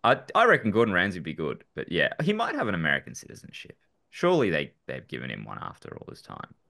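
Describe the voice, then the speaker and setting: A man's voice: sits low, huge pitch swings, fast, gravelly, sharp tone. A man co-hosting a casual podcast, rambling through political chat with restarts and chuckles. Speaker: podcast co-host.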